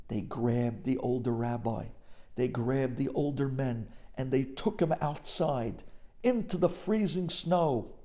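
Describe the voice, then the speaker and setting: A man's voice: mid-range voice, measured pace, warm tone. A man, a rabbi, telling an inspirational story in a dramatic sermon.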